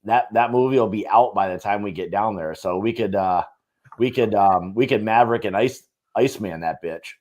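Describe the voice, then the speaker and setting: A man's voice: on the low side, moderate pace, a little mellow. A man co-hosting a casual bourbon tasting, thoughtful and hesitant as he describes flavors. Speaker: podcast co-host.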